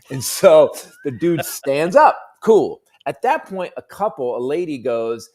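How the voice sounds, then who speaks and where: A middle-aged comedian telling a profane stage story on a talk panel, jumping into high, loud voices for the people in it. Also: male voice, lively intonation, moderate pace, hardly any pauses. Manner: profane, punchy anecdote telling. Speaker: comedian guest.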